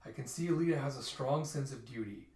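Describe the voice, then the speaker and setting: A man voicing a cold, calculating male scientist in a manga readthrough, calm and matter-of-fact. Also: medium pitch, brisk, natural voice. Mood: scheming. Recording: roomy echo, mic at a distance.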